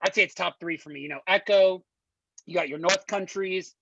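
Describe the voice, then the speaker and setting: A man, a podcast guest, telling a rambling story about door-to-door selling and slipping into a salesman's pitch. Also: moderate pace, gravelly, bright, forceful tone, no room sound, dull audio. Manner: rambling, repeats words, slips into a salesman voice. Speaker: podcast guest, former door-to-door book seller. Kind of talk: animated anecdote with reenacted sales pitch.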